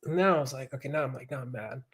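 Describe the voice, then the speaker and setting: A man's voice: mid-range voice, racing, breathy edge. A man, a pro mountain biker, telling a story in casual chat with swearing and acted-out quotes. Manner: animated, swears, acts out quoted voices.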